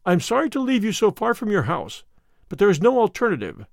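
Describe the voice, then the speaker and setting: A man's voice: high-pitched, huge pitch swings, fast, vocal fry, no echo, clean studio sound, heavily acted. A man reading an audiobook, voicing a curt, formal henchman. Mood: cold. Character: cold, curt male henchman. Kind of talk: audiobook character voice.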